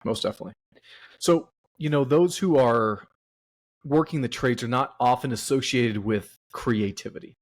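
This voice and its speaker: A man's voice: mid-range voice, normal speed. A man hosting a writers' podcast, asking thoughtful, reflective questions. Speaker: podcast host. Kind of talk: interview questions.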